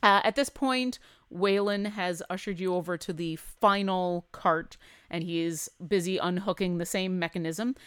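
Smooth-voiced woman game master. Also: fairly low pitch, normal speed, no room sound, studio quality. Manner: descriptive, relaxed, with hesitant fillers. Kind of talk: narrating a tabletop game.

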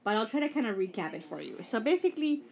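A woman's voice: a little high, big pitch swings, fast, creaky, husky. A woman co-hosting a casual political podcast, recapping news stories with blunt, profane asides. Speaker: podcast co-host. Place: Brooklyn.

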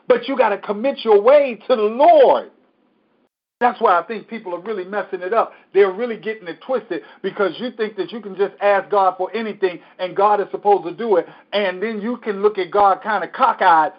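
Pastor, male, high voice, repetitive emphatic preaching, dull lo-fi stream. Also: moderate pace. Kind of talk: Bible study teaching.

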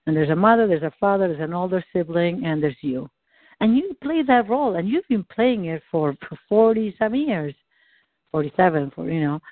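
Over a tinny, dry call line, a woman coach with a mid-range voice and no room sound guides a client through a tapping session. She encourages him and gives him phrases to repeat.

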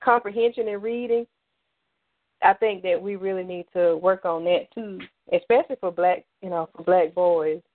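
A woman's voice: lowish voice, moderate pace. Woman talking over a tinny phone line. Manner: rambling, many fillers and restarts. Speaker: author guest. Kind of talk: casual radio interview.

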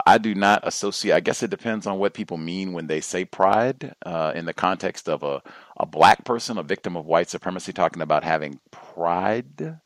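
A man with a low, deep voice hosts a call-in radio show. He talks at a measured pace, filling gaps with pauses and drawn-out "uh"s. The sound is dry and close, with no room around it. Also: no echo. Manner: measured, trailing off with frequent "uh"s. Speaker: host.

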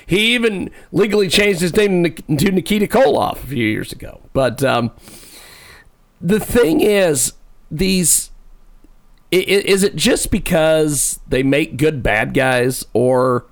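Gravelly, joking radio show host man. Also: on the high side, animated, measured pace. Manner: rambling, self-deprecating, laughs often. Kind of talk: casual talk-radio interview.

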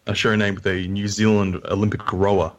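A man's voice: on the low side, level tone, fast talker, highs cut off. An Australian man, a podcast guest, talking in wry, joking casual chat.

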